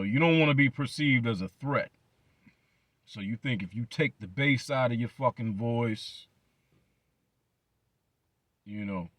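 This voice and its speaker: A man hosting his own channel, ranting bluntly and swearing hard, repeating words for emphasis. His voice sits at an ordinary middle pitch, and the sound is dry and close to the mic. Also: no room sound. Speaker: channel host. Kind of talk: profane commentary rant.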